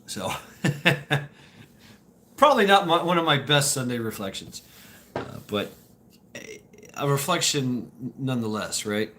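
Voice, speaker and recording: A man in his forties chatting casually on a live stream, answering viewer questions and telling stories, often halting, repeating words and laughing. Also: medium pitch, lively intonation, sharp tone, slight background noise.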